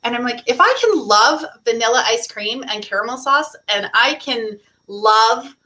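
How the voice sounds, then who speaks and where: A woman co-hosting a live online summit, telling a heartfelt story in an expressive, conversational way over a video call. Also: a little high, moderate pace, low-quality recording. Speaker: co-host. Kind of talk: casual chat.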